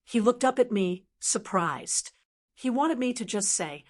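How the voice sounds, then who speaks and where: Calm older woman storyteller. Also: a little high. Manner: calm, measured. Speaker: narrator. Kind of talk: storytelling narration.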